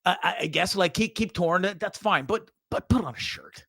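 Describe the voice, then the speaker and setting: A man's voice: sits high, lively intonation, fairly quick, vocal fry, pushed and bright, slightly rough, no room sound, clean studio sound. A man hosting a show, casually commenting on videos with frequent swearing, stammered repeats and laughter. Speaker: show host.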